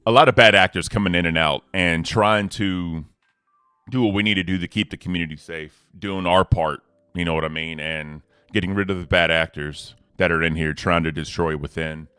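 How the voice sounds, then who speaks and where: A man hosting a casual livestream, laid-back and slangy, giving hype shout-outs to the community. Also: low-pitched, fairly even intonation, normal speed, clean tone, no echo, soft background music. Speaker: host.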